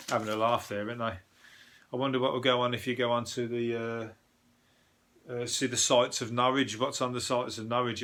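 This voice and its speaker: Sweary Birmingham comedian, bright voice. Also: male voice, medium pitch, a little hiss or hum. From England. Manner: rambling, sweary, joking asides with frequent fillers. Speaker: comedian and podcast host. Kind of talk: casual news review chat.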